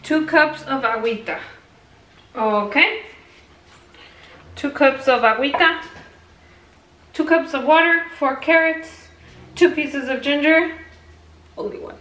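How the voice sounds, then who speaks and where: A woman's voice: high-pitched, slow pace, long pauses, fairly bright tone, echoey room, recorded from a distance. A young woman chatting casually in a cooking vlog in her kitchen, self-mocking and slipping Spanish words into her English. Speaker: vlogger. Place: home kitchen. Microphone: camera on tripod.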